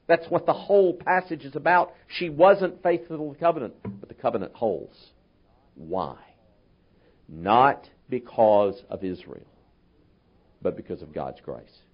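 A man preaching a sermon in an earnest, emphatic way, slowing down to stress key words. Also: mid-range voice. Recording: muffled, lo-fi sermon recording.

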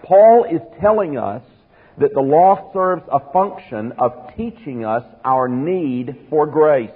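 In a sermon, a man with a slightly high, husky voice preaches slowly and animatedly with earnest emphasis, repeatedly putting questions to his listeners. The sound is narrow and phone-like, like a broadcast, with a long reverb trailing each phrase as if in a large hall.

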